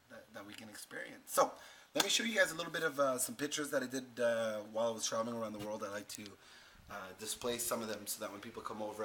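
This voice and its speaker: A man's voice: on the low side, background noise. A man hosting a casual vlog, rambling through travel photos and repeating words. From Canada. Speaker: host.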